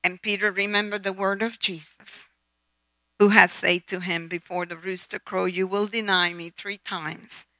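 A woman's voice: medium pitch, flat delivery, normal speed, bright, forceful tone, no room sound, poor audio. A woman preaching a sermon, emphatic and asking the audience questions. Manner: emphatic, calls for amen and asks the audience questions.

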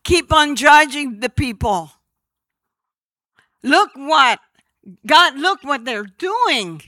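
A woman preaching a sermon, slow and emphatic, sometimes dropping her voice almost to a whisper. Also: high-pitched, animated, pushed and bright, no echo.

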